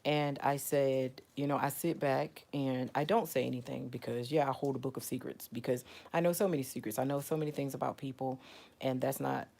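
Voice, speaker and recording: A woman's voice: rumbling low, fairly even intonation, brisk, vocal fry, warm tone. A woman in casual talk to her viewers, rambling and repeating herself, leaning on "you know" and "like". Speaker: self-described spiritual advisor. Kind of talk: casual storytelling to camera.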